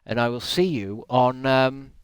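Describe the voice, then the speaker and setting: A man's voice: medium pitch, unhurried, clear, resonant tone, no echo. A male game streamer chatting at his desk at home, rambling with self-mocking jokey asides as he signs off. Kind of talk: casual stream sign-off chat.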